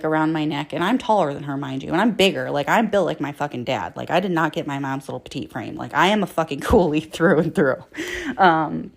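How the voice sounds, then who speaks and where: Low, gravelly-voiced woman telling her story. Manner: raw and blunt, heavy swearing, many fillers. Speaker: podcast host telling her life story. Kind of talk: candid personal storytelling.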